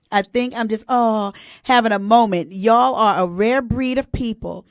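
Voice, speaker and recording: A woman's voice: on the high side, unhurried, no room sound, clean studio sound. A woman, hosting a casual live-stream chat, chatty and emotional as she talks to her viewers. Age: 40s. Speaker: host.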